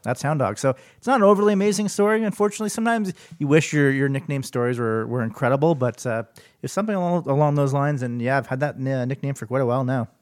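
A man's voice: medium pitch, fast, dry recording, studio quality. A man guest in casual chat, hesitant and often repeating words. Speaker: podcast guest.

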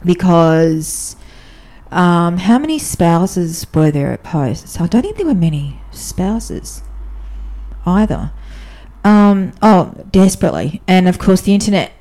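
A woman guest on a podcast, talking candidly and chattily about her life as a diplomatic spouse, often restarting her sentences. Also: takes it slowly. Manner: animated, often jumps up in pitch when telling stories. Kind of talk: casual podcast conversation.

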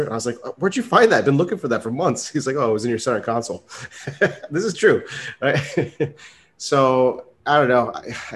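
A man co-hosting a podcast, casually telling a story with fillers and frequent laughs. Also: on the low side. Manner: loose storyteller, laughs often, many fillers. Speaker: podcast co-host.

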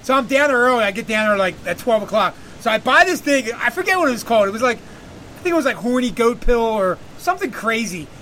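A man's voice: extremely high pitch, very animated, quick pace, bright, forceful tone, a little hiss or hum. A man hosting a podcast, telling a long profane story in a rambling casual way and laughing often. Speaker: podcast host.

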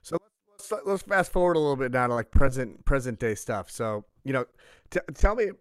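A man's voice: medium pitch, big pitch swings, a little fast, smooth, dry recording. A man hosting a podcast, asking long, rambling questions full of fillers. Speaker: podcast host. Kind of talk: casual interview.

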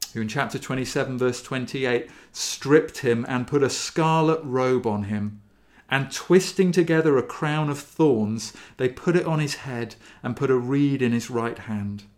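Male preacher, slow deliberate delivery, mid-range voice, earnest sermon reading scripture. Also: mid-range voice. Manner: slow, measured and earnest, lingering on key phrases.

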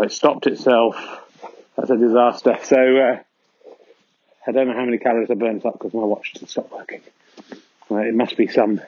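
A man with a medium-pitched voice walks through a foggy field outdoors, delivering a rambling, mock-serious comedy monologue in a deadpan, absurd style. There's no echo, and the recording sounds dull and lo-fi.

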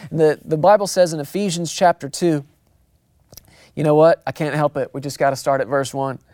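A pastor preaching a sermon to a church congregation, emphatic, often slowing right down to stress key phrases and calling out to the listeners. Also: medium pitch, steady tone, darkish tone, no echo, clean studio sound. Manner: calls out to the congregation.

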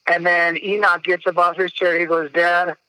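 A man's voice: high-pitched, level tone, normal speed, bright, forceful tone, clear, resonant tone, no echo, poor audio. A man, a father and podcast guest, telling a story in a casual, blunt way and swearing freely.

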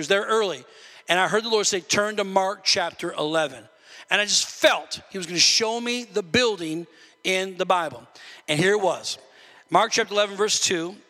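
A man pastor preaching a sermon, animatedly acting out his talks with God and shouting at the peaks. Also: sits high. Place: church sanctuary. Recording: long reverb of a church hall.

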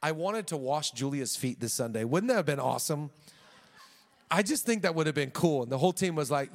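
Male pastor, high and bright, jokey sermon delivery, big reverberant church hall. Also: fairly quick. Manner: conversational, humorous, animated.

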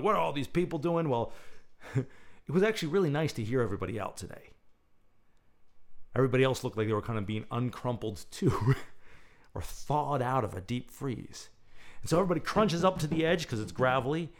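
Lively, musing man. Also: medium pitch. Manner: lyrical, musing, with thoughtful pauses. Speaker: podcast host. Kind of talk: reflective monologue.

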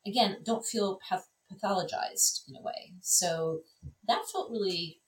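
A woman film critic, a guest in a casual conversation, talking in an animated way with many fillers and restarts. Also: medium pitch, measured pace. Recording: echoey room, distant mic.

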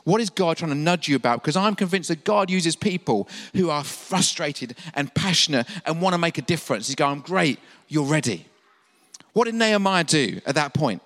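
English guy preaching, high bright voice, lots of questions, echoing church hall. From England. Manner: preaching with rhetorical questions and acted-out quotes. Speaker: pastor. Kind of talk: sermon.

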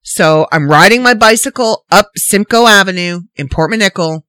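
A woman hosting a casual solo podcast, ranting in an animated, incredulous, rambling way. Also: medium pitch, moderate pace, no room sound. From Canada. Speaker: podcast host.

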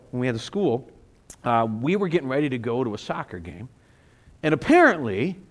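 A middle-aged male pastor with a medium-pitched voice preaches a sermon, telling stories with animated, self-mocking humor.

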